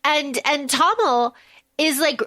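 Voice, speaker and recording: A woman co-hosting a casual book-discussion podcast, recapping the plot in an animated, loose way with casual swearing. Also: sits high, slow. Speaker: podcast co-host.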